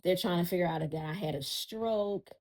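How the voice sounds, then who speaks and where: A woman's voice: fairly low pitch, normal speed, a little mellow, rough recording. A woman, a podcast guest telling a personal story in casual chat, often turning to listeners with "y'all.".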